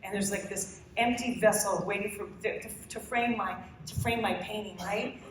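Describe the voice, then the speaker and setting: A woman's voice: mid-range voice, steady tone, noisy background. Earnest woman speaking in an echoey hall. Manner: earnest, halting, restarts often, laughs. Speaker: painter giving a demo talk. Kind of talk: emotional, rambling live talk to an audience. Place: large echoey hall, live audience. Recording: echoey distant hall recording.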